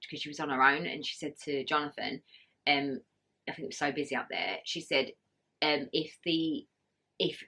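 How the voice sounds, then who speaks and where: A woman's voice: lowish voice, pushed and bright. A woman vlogger chatting casually through her birth story, laughing often and acting out what others said. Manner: chatty, laughing, acts out quoted voices.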